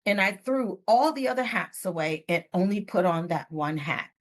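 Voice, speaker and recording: A middle-aged woman author telling stories in a podcast interview, expressive and playful with asides. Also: on the low side, moderate pace. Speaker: guest author. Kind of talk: podcast interview, casual storytelling.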